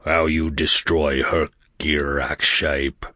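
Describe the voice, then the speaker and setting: A man voicing a huge, grim male alien who speaks in booming, halting broken English in an audiobook. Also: flat delivery, sharp tone, dry recording, clean studio sound, exaggerated voice. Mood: interrogating. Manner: terse, halting questions. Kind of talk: audiobook character voice.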